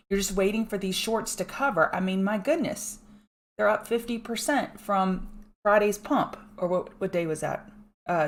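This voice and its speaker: A woman hosts a live trading stream in a chatty, upbeat way. She greets her chat viewers by name and goes through chart levels in a casual, practiced tone. Her voice sits at a middle pitch for a woman. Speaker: market livestream host.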